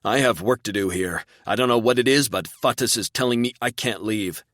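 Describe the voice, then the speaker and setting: A man's voice: medium pitch, brisk, a bit bright, no room sound, clean studio sound, pitched above the performer's own voice, lightly acted. A man doing a defiant, joking alien warrior. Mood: resolute. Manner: raised, urgent.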